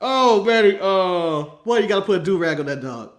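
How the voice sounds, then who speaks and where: American guy on a podcast, high voice jumping all over, swears and cracks up a lot. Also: normal speed. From United States. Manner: excitable, swears freely, laughs often, acts out quotes. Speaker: podcast co-host. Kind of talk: casual wrestling podcast chat.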